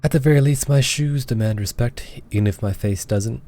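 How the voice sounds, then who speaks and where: A man voicing a vain, haughty noblewoman in a game, with a mocking, high put-on voice. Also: normal speed, dark tone, close to an everyday voice.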